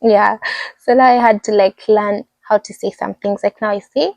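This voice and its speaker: A young woman with a Kenyan accent telling stories in a casual vlog, animated and acting out the people she describes. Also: medium pitch, a little slow, vocal fry, no echo, muffled recording. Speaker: international student vlogger.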